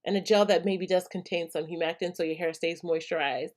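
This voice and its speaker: A woman's voice: on the low side, fairly even intonation, a little fast. Chatty woman host on a live stream. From El Paso, Texas. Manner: chatty, warm replies, many ums. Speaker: hair care channel host. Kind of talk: live stream chat, reading viewer comments.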